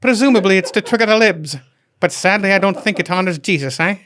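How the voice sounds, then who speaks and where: A man putting on a high, sing-song mock Irish accent as a disapproving middle-aged lady in a comic reading. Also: fast talker, background noise, lightly acted. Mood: mock-prim. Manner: exaggerated, high sing-song, breaking into laughs.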